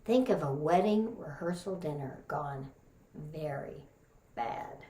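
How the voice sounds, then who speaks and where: A woman's voice: deep voice, animated, slow pace, dark tone, echoey room. A woman from Texas giving a humorous contest speech, telling stories full of folksy sayings. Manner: folksy storytelling with Southern sayings. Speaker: contest speaker.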